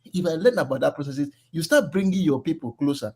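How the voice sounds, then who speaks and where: A man's voice: fairly high pitch, expressive, brisk, husky. A man with a Nigerian accent speaking earnestly and persuasively on an online group call, mixing in pidgin. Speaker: call-in participant. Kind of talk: casual online group discussion.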